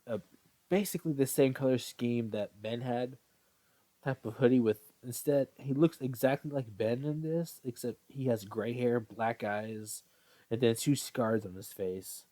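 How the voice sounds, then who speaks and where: A man's voice: mid-range voice, dark tone, dry recording. A man casually reading a fan story aloud, often stumbling, correcting himself and apologizing. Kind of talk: casual read-aloud with asides.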